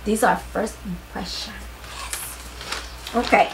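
A tired woman vlogger chatting casually to her viewers during a clothing haul, excitable, with her voice starting to crack. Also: mid-range voice, slow pace, creaky, background noise. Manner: excitable, talks straight to viewers.

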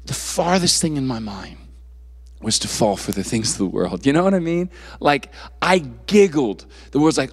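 A man's voice: medium pitch, very animated, moderate pace, breathy edge, big-room sound. A young man preaching to a youth group in a casual, conversational way, full of fillers and restarts. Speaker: youth pastor. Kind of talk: youth sermon.

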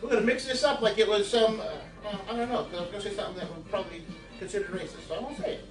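Speaking rapid-fire in a high voice with a steady tone, a man hosts a casual cooking video from his home kitchen, rambling and cracking crude jokes at viewers. The echoey room is captured from the camera at a distance, with faint music playing in the home.

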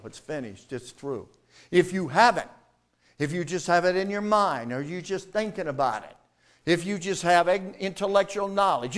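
A man preaching a sermon calls out for the congregation's replies. His delivery shifts between loud, emphatic moments and quiet, low ones.

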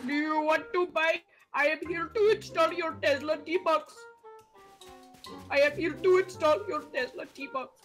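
A woman's voice: sits high, fairly even intonation, a little slow, fairly bright tone, soft background music. A woman voicing a pushy male scam caller with a put-on Indian accent, speaking in stiff, formal salesman phrases. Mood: salesy.

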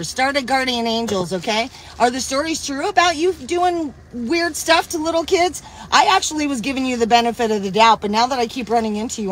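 A woman's voice: high voice, fairly bright tone. A woman livestreaming a rambling, agitated rant on a phone outdoors, swearing constantly, preaching and accusing, and ending nearly every sentence with "okay?". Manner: profane, tag "okay?" on most sentences. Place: outdoors on a town street.

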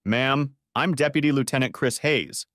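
A man voicing a calm, firm male deputy sheriff in a storybook reading. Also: mid-range voice, no echo, studio quality, voice pushed up, close to an everyday voice. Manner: measured, firm.

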